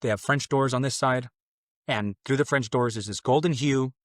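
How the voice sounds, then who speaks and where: A man's voice: medium pitch, moderate pace, no echo, clean studio sound. A young man, a podcast guest, telling a personal story in a casual, rambling way, acting out what others said. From Mexican family. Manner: casual, rambling with fillers and acted-out quotes.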